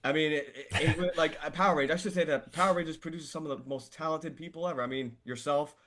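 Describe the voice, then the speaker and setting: A man's voice: fairly high pitch, steady tone, fast, a bit bright, slight background noise. An American man hosting an interview show on a video call, enthusiastic, talking casually and swearing now and then. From United States. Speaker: podcast host.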